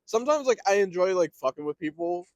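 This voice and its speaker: Brief: young male co-host, slightly high voice, very lively intonation, dry close sound. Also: fast talker, no echo. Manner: animated, filler-heavy, laughing often. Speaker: podcast co-host. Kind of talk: casual chat.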